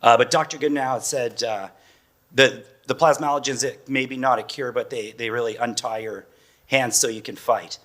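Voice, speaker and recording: This is a man in his forties, speaking casually as a parent guest on a panel. His voice sits at an ordinary middle pitch, and he talks in a loose, rambling way, breaking into laughs. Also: steady tone, moderate pace, fairly bright tone. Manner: chatty, loose, often laughing.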